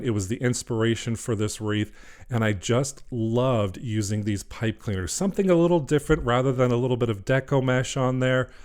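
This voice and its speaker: A man's voice: mid-range voice, a little mellow. A man narrates a craft tutorial one step at a time, sounding friendly and upbeat. He chats easily and gets openly delighted when he shows off the finished piece. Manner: cheerful and chatty, gushing over the finished work. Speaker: craft channel host.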